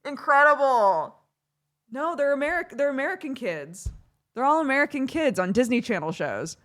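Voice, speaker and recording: Laughing, animated young woman streamer. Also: high voice, moderate pace. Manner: giggly, animated storytelling with frequent laughter. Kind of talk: casual chat on a livestream.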